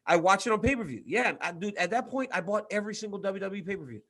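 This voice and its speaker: A man in his forties with a fairly high voice chats casually as co-host. He tells stories with gusto, doubles up his words and acts out what other people said. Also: fast talker. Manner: animated storyteller, acts out quotes, repeats words. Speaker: co-host, former fighter. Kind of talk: casual chat.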